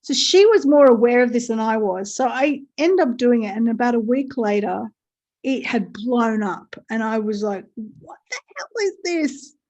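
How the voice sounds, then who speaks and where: A woman talks over a video call, her voice a little high and the sound dull and lo-fi. She tells her story with energy, slipping into quoted lines as she acts out what others said. It comes across as lively conversational storytelling. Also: moderate pace. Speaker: guest.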